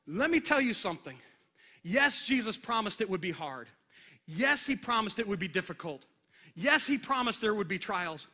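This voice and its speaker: A man preaching a sermon on a church stage into a microphone, animated and acting out scenes with a helper. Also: high-pitched, normal speed. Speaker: pastor. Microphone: handheld or stage microphone.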